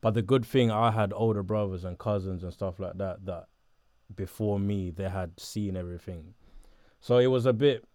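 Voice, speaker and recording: A young man from southeast London with a South London accent, chatting casually in an interview, laid-back and quick to laugh. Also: fairly low pitch, dark tone, dry recording, studio quality. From Botswana, raised in southeast London.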